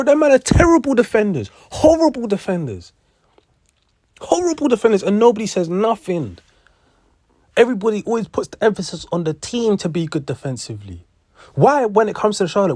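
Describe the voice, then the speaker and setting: A man's voice: high-pitched, a little mellow, dry recording, clean studio sound. A young man, ranting in heated sports commentary, repeating himself and swearing. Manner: heated, repetitive, profane.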